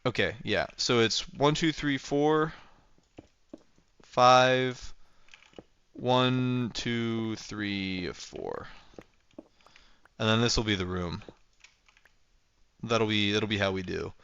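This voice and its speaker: A man's voice: fairly low pitch, extremely slow, long pauses, a bit bright, smooth, highs cut off. A young man livestreaming a game, chatting casually and rambling playfully as he thinks aloud while building. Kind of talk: casual gameplay livestream chat.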